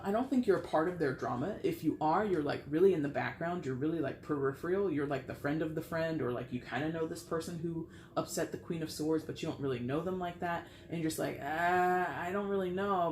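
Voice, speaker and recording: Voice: medium pitch, darkish tone, roomy sound, slight background noise. A tarot reader giving a casual, rambling reading, full of fillers and blunt, salty language.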